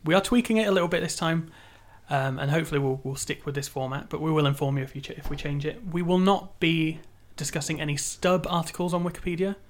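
Guy hosting a chatty podcast, kinda high voice, lots of ums and restarts. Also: quick pace, hardly any pauses. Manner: hesitant, frequent ums and restarts. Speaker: podcast host. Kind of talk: casual podcast chat.

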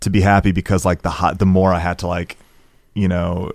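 A musician guest talking in a reflective, hesitant way on a casual podcast. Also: male voice, low voice, little pitch movement, fairly quick, no room sound, clean studio sound. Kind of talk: casual interview chat.

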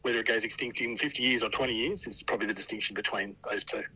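A man's voice: lowish voice, rapid-fire, a loud crowd, rough recording. A man, a wildlife scientist guest answering questions hesitantly with frequent laughs. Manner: hesitant, laughs often, many ums. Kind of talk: interview answers.

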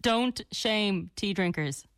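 A woman's voice: medium pitch, expressive, slow, fairly bright tone, smooth, no room sound, studio quality. A woman in her thirties with an Irish accent, co-hosting a radio show in chatty, laughing banter. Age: 30s. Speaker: radio co-host.

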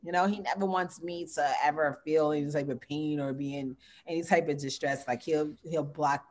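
A young woman, a mother, chatting as an interview guest and acting out family stories in lively voices. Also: normal speed. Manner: animated storyteller, acts out quotes with big pitch jumps. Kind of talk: casual chat.

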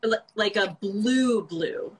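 A woman's voice: medium pitch, takes it slowly. Chatty woman designer, faint background hiss. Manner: relaxed, chatty, many fillers. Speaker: architect and interior designer. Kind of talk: casual conversation.

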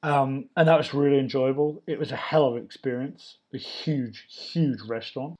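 A man's voice: medium pitch, fairly even intonation, normal speed, a little mellow. An Australian man in his thirties, a chef, chatting in a casual interview and telling stories from his career with open enthusiasm. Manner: enthusiastic, loose storytelling. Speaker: chef, guest.

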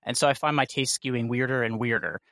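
A man talks casually as a podcast co-host, his tone bright and forward. He tells animated stories and laughs easily. The sound is dry and close. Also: mid-range voice, fast talker, no echo. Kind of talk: casual chat.

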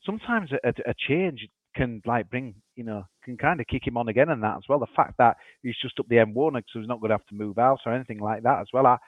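A man co-hosting a football podcast, chatty and excitable. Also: medium pitch, fast talker, few pauses, dry recording. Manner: excitable, chatty, laughs easily. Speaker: podcast co-host. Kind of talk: casual chat. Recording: tinny phone-like line.

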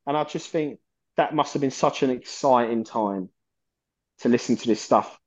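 A man's voice: medium pitch, normal speed, dull audio. A man, a guest on a metal podcast, talking passionately and rambling, with plenty of swearing. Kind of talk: casual chat.

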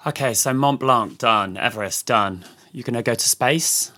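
Bright-voiced male interviewer. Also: mid-range voice, moderate pace. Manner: enthusiastic, openly amazed questions. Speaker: interviewer host. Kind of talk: casual interview chat.

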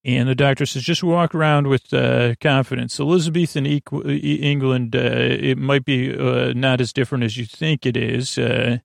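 A man hosting a podcast, loosely retelling a television episode in a halting, casual way with many fillers and restarts. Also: medium pitch, flat delivery, creaky, no echo, clean studio sound. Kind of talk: sleepy casual retelling of a story.

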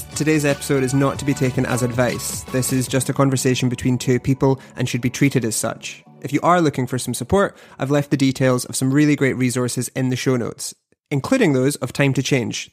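A man hosting a podcast, reading a scripted intro, then chatting with a guest in a studio in a measured presenter voice. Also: mid-range voice. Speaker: podcast host. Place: studio across a table. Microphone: headphones and studio mic.

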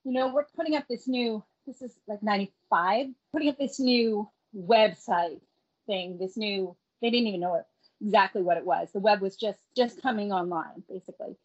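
A middle-aged woman telling a family story in a casual, animated way, acting out the quoted voices as she goes. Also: medium pitch, normal speed. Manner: animated, acts out the quoted voices, laughs between lines. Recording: dull lo-fi recording.

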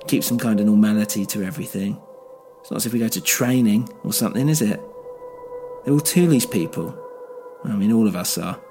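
Guy doing a worn out cop, low voice, rambling and crude, bitter about everything, audio drama with faint music under it. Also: fairly quick, mellow, lightly acted. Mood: weary. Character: gruff weary male cop, bitter.

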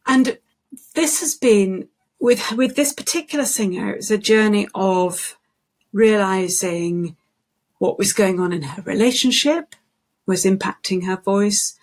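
A woman, a singing voice specialist, talking as a guest in an interview, thoughtful and unhurried, telling stories with many restarts. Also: medium pitch. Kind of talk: conversational interview.

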